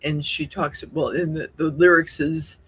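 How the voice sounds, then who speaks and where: A woman hosting a casual live Q&A stream, chatting in a rambling, animated way. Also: low voice, measured pace, husky. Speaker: livestream host. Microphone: livestream setup.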